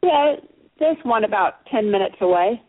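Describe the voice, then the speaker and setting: A woman calling in to a radio show, warm and appreciative. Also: medium pitch, lively intonation, normal speed. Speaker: caller. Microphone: phone. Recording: phone-line sound.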